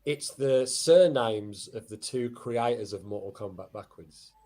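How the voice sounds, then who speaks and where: A man's voice: lowish voice, unhurried, dark tone. A man, a co-host in casual chat, who banters sarcastically and swears freely. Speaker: podcast co-host.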